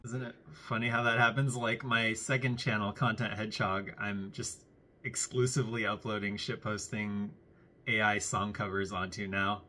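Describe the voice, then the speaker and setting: A man hosting a casual interview, curious and firing off quick follow-up questions. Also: lowish voice, flat delivery, sharp tone, slight background noise. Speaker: interviewer, host.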